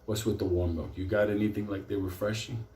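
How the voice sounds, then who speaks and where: A man voicing a laid-back male inmate who complains in a low, quiet way. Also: fairly even intonation, fast, roomy sound, lightly acted. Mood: fussy.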